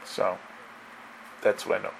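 Guy preaching, telling a story all animated, laughing a lot, bit of noise behind. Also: measured pace. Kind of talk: sermon storytelling.

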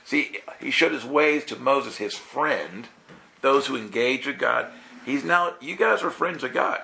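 A male preacher with a gravelly, bright voice delivers an animated sermon. He laughs often and slips into playful voices for the people in his stories. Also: mid-range voice, unhurried. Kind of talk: lively sermon with storytelling.

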